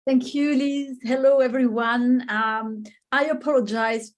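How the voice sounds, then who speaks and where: A woman with a French accent, a native Spanish speaker, giving a webinar lecture with many pauses and fillers. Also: high-pitched, steady tone, slight background noise. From France. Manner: hesitant, many fillers and restarts. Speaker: guest speaker.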